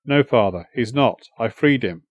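Guy voicing a young soldier son, earnest, steady, firm, dry close sound. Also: medium pitch, moderate pace, breathy edge, no echo, dull audio.

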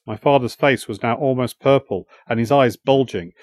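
A man reading a first-person story as an audiobook narrator, in measured storytelling. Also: mid-range voice.

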